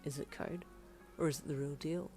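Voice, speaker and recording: A woman voicing a sly, teasing young man in a low, hushed tone. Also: level tone, fast, creaky, soft background music.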